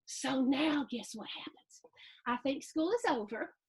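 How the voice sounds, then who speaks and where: A middle-aged woman, reading a picture book aloud to children with animated gasps and playful asides. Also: sits high, slow pace. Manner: animated, gasping, playful asides to young listeners. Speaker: storytime host reading to children.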